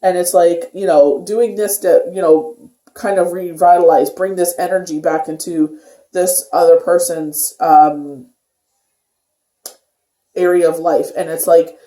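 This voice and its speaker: A tarot reader talks through a casual daily card reading in a warm, mellow voice that keeps looping back with loose filler phrases. The sound carries a noticeable room echo around the voice. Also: mid-range voice, fairly even intonation, measured pace. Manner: rambling, filler-heavy talk with many "you know"s. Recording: echoey room.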